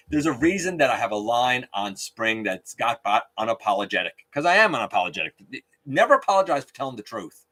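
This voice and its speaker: A man hosts a casual live stream, talking freely and greeting viewers by name. His pitch swings widely from phrase to phrase. His tone is bright and forward. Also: very animated, fast. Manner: chatty, reads viewer comments aloud, outspoken.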